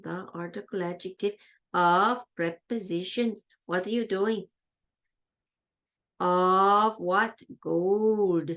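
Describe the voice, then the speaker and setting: A woman teacher leading a children's grammar lesson, chanting labels in question-and-answer drills and playfully quizzing herself. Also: mid-range voice. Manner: plays a pretend student asking herself questions.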